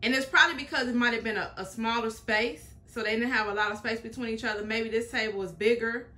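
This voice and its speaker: Bright-voiced chatty woman reacting. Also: on the high side, fairly even intonation, fast talker. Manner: chatty, emphatic, repeats her points. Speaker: reaction video host. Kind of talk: casual commentary.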